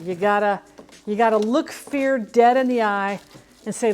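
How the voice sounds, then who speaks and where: Cooking on her livestream, a middle-aged woman rambles through casual chat and makes jokes at her own expense. She speaks at a measured pace in a mid-range voice.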